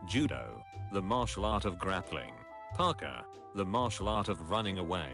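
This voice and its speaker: A man reading meme captions aloud in a dry, deadpan, clipped way. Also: low voice, normal speed, gravelly, over music.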